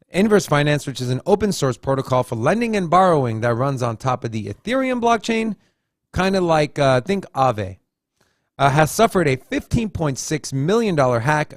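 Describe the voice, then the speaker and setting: A man's voice: fairly high pitch, no echo, studio quality. A man co-hosting a casual crypto news show, reading headlines aloud and tossing in joking asides. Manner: reads headlines then adds joking asides. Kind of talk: casual news read-through with commentary.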